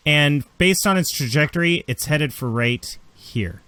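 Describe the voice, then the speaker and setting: Slow-paced male game master. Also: a little high, bright, forceful tone, smooth, no echo. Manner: unhurried, halting narration. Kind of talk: narrating a tabletop game.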